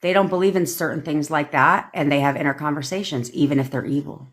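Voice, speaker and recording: Fast and low-voiced with fairly even intonation, a manifestation coach chats on a phone livestream. She's casual and talkative, curses frequently, and calls viewers by name as she answers them.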